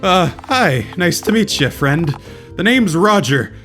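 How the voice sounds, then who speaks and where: A man's voice: sits high, very animated, takes it slowly, fairly bright tone, faint music behind, voice pushed up, exaggerated voice. A man voicing a nervous, friendly young man with an eager, jittery way of talking.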